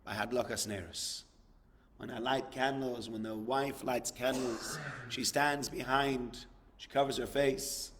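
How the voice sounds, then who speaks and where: A man's voice: medium pitch, fairly even intonation, unhurried, slight background noise. A man giving a sermon, telling a story and rising to impassioned emphasis. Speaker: rabbi giving a talk.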